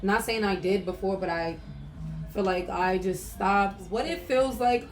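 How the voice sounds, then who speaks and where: Young woman, podcast host, casual confessional monologue, mid-pitched, candid and raw, faint music bed. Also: a little slow. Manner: candid and emotional, frequent "like" fillers, swearing.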